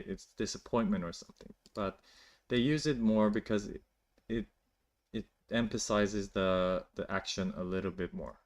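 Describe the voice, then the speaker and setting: On a casual live stream, a man with a lowish voice teaches a language, explaining loosely and chattily, full of "like" and restarts, while answering viewers' questions.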